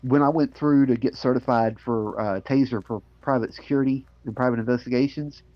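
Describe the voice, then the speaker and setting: A man's voice: mid-range voice, fairly even intonation, a little fast, no echo. A man telling a rambling story on a casual group call, stumbling over his words and breaking into laughter. His voice sits in a middle register. The audio comes through muffled and lo-fi. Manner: laughs often, tells stories with repeated restarts. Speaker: podcast host. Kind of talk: casual chat.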